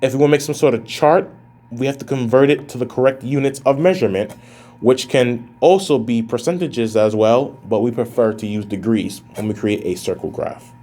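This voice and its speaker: A male math professor talks through a recorded lecture in a relaxed, casual way, calling his students guys. His voice sits in an ordinary middle pitch, and he thinks aloud while he works through each calculation. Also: moderate pace.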